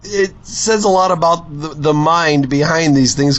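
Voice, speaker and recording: A man in his role as a radio host chats and reflects with open enthusiasm, his voice sitting a bit high for a man. The recording is dull and lo-fi. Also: a little slow. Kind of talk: casual interview chat. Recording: dull lo-fi sound.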